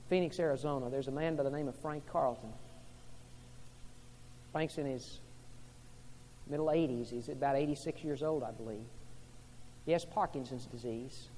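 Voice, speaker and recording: A man preaching a sermon, dropping to soft, low passages and rising to loud, fervent preaching. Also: normal speed, pauses often, big-room sound, slight background noise.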